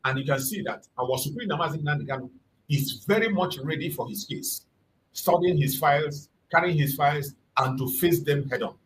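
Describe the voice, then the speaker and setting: Hammering each point with repetition, a southeastern Nigerian man hosts a passionate, emphatic political commentary channel. He talks at a moderate pace in a fairly high voice, captured on a low-quality recording with slight hiss or hum.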